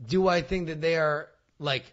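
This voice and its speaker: A man's voice: fairly high pitch, moderate pace, crowd noise. A man co-hosting a casual podcast, drunk and hiccuping, talking in an emphatic, profane way. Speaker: podcast co-host. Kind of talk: casual banter. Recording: dull lo-fi podcast audio.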